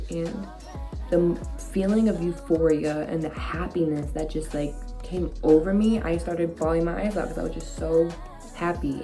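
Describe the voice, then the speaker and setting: A woman's voice: low-pitched, dark tone. A young woman vlogger casually telling a personal story, chatty, with lots of "like" and acted-out quoted conversations. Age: young adult. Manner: chatty, with many "like"s and quoted dialogue.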